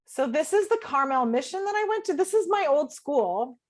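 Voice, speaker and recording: A woman's voice: sits high, sing-song, normal speed. A woman, a podcast guest on a video call, telling a personal story with strong emotion and free swearing, often quoting her own thoughts. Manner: emotional, swears freely, quotes herself in her head.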